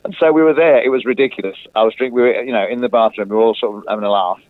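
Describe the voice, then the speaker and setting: A middle-aged man chatting as a guest in an interview, self-mocking and quick to laugh. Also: fairly low pitch, fairly even intonation, dry recording. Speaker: guest musician. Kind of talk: casual phone interview. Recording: tinny phone line.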